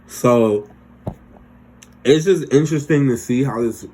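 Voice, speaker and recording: This TV recap vlogger is a young man with a mid-range, warm voice and an unhurried pace, with a little hiss or hum on the recording. He runs through an episode in slangy, profane, casual talk and performs the characters' lines himself.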